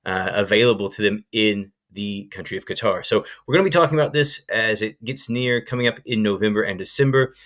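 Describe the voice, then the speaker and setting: A man's voice: fairly low pitch, a little fast, few pauses, a bit bright. A young man hosting a sports betting channel, talking casually and enthusiastically with frequent fillers and restarts. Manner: chatty, filler-heavy, enthusiastic. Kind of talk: casual presenting to camera.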